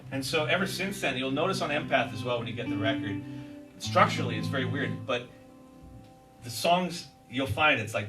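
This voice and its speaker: A man's voice: medium pitch, normal speed, recorded from a distance, rough recording. Rambling man at a store guitar clinic. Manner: rambling, animated, laughing, lots of fillers. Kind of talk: casual live talk to an audience. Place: music store in front of a live audience.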